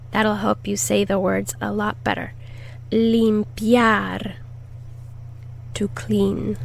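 A woman teaching a lesson, repeating each word slowly and deliberately and stressing syllables for learners to copy. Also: mid-range voice, creaky, a little mellow. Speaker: Spanish teacher. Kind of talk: slow, clear language lesson.

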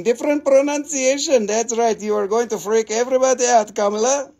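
A man hosts a casual live crystal sale, cracking jokes, swearing freely and haggling over prices. His voice sits high for a man, with a gravelly, creaky edge. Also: normal speed, hardly any pauses, a little mellow. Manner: joking, profane, haggling. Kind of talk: casual live sales stream.

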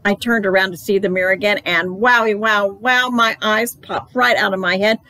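A woman reading a children's book aloud for library storytime, in a playful, animated storytelling manner. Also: mid-range voice, normal speed, rough recording.

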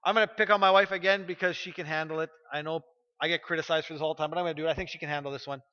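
A middle-aged male pastor delivers a storytelling sermon, pushing his points through emphatic repetition. His voice sits high and sounds bright and forceful. The recording is dull and carries a long church-hall reverb. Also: fairly even intonation, rapid-fire. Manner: storytelling, emphatic, repeats phrases when pressing a point. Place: church sanctuary.

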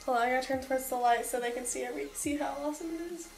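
A young woman with a high voice chats casually on a vlog, teasing and quick to laugh. The sound carries the ring of a roomy, echoey space at home. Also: soft background music. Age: young adult. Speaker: vlogger getting her makeup done. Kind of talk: casual chat. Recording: roomy home room echo.

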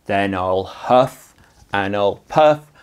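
A male teacher voicing a demanding big bad wolf in a children's story, speaking loudly and drawing out the words. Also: on the low side, lively intonation, very slow, clear, resonant tone.

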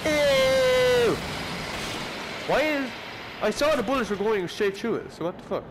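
A man commentating his own VR horror gameplay, jumpy and swearing, often shrieking and yelling at the enemies. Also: very high-pitched, lively intonation, measured pace, noisy background. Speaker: gamer playing a VR horror game.

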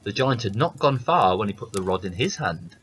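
Male storyteller for a fairy tale reading; husky, low, steady narration. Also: brisk, low-quality recording.

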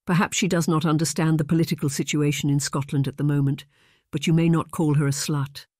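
A man's voice: on the high side, flat delivery, fairly quick, darkish tone, no room sound, clean studio sound, lightly acted. A man reading an audiobook, voicing a dignified, protective aunt with a firm, harsh-toned manner. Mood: stern.

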